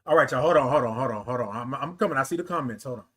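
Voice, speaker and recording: A man hosting a live morning talk stream, lively and playful, greeting viewers by name and calling them "y'all". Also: mid-range voice, racing, slight background noise. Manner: lively, playful, sing-song with laughs and calls of "y'all". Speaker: livestream host.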